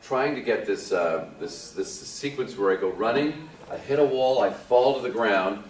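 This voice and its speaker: A man in his forties, an actor guest telling lively anecdotes to a convention audience, acting out what others said and laughing often. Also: mid-range voice, moderate pace, slight background noise. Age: 40s. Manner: animated storyteller, acts out quotes, laughs often. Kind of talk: casual anecdote to a live audience. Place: convention hall. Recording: echoey hall, distant mic.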